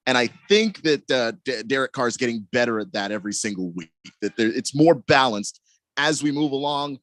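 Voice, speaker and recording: Male sports radio co-host, mid-pitched, dry studio sound, halting delivery. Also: expressive, a bit bright, no echo. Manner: hesitant, many fillers and restarts. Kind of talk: casual sports talk radio.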